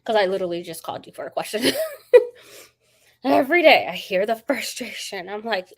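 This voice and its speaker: Book-channel host, woman, chatty and quick to laugh, mid-pitched voice, greets her chat. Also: big pitch swings. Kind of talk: casual livestream chat.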